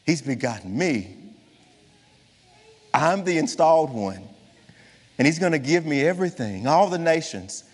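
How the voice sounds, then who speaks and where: A pastor preaching a sermon with passion, repeating words for emphasis and swinging his voice from low to high. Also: big pitch swings, unhurried, pauses often, in a large hall. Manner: impassioned preaching with repetitions and wide swings in pitch.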